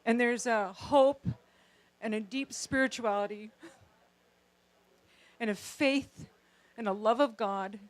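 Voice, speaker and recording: The groom's mother giving a chatty, warm-hearted wedding toast outdoors, laughing between her thoughts. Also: on the high side, takes it slowly, pauses often, no room sound. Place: outdoor backyard.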